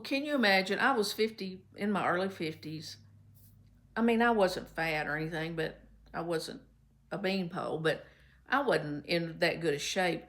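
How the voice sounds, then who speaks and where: A woman from Kentucky, telling a chatty, folksy story to her viewers. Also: fairly low pitch. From Kentucky, USA. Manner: folksy, chatty, warm storytelling with many fillers. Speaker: vlogger. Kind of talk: casual storytelling to camera.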